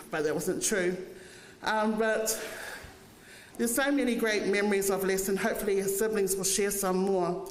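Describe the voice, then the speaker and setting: A woman's voice: medium pitch, moderate pace. A woman, giving a funeral eulogy as a family member and telling fond, humorous stories. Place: church hall. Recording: echoey church hall, faint noise.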